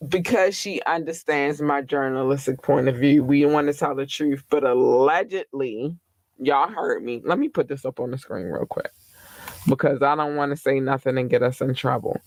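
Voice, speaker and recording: A man's voice: mid-range voice, a little mellow, dry recording. A man hosting a casual gossip podcast, chatty and candid, with slang and the odd swear word. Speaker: podcast host. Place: Baltimore.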